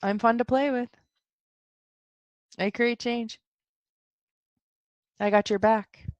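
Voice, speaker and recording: A woman hosting a solo self-help podcast who talks excitably and jumps up high in pitch when she quotes her own thoughts. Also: slow pace, no room sound, lo-fi sound. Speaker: podcast host.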